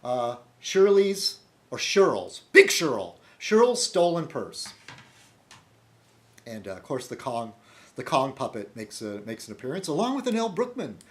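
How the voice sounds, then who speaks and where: Man rambling with a lively pitch. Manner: meandering, many restarts and fillers, laughs often. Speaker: video blogger. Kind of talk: rambling casual monologue.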